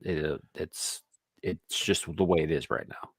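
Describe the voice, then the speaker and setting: A man's voice: rumbling low, measured pace, no echo, clean studio sound. A man in a casual podcast chat, matter-of-fact in tone.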